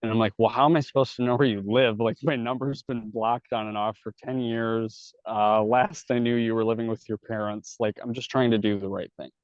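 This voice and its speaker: A man's voice: medium pitch, fairly even intonation, fairly quick, hardly any pauses, dry recording. Guy telling his story, swears a bunch, plays out every line of dialogue, dull dry podcast sound. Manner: casual, swears a lot, acts out dialogue. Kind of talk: candid storytelling.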